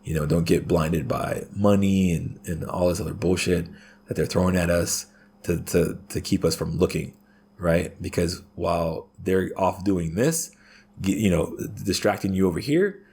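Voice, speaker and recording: Husky, low-voiced man ranting profanely. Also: normal speed, darkish tone. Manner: profane, ranting, tags sentences with "right?". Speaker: podcast guest. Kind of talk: casual podcast conversation.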